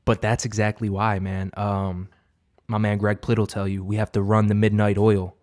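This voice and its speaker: A man's voice: lowish voice, completely flat delivery, normal speed, darkish tone. A young man giving an unscripted, profane motivational monologue as a vlogger, rambling with many fillers and restarts.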